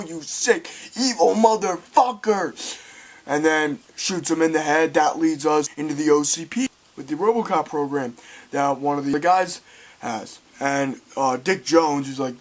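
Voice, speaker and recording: A man giving a casual, excitable film review, rambling and swearing as he retells scenes. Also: fairly high pitch.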